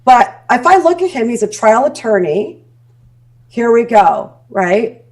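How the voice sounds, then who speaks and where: A woman's voice: on the high side, a little slow. A Canadian woman, a guest speaking coach on a podcast, talking bluntly and acting out quoted messages. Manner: blunt, animated, acts out quoted dialogue. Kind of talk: casual podcast interview.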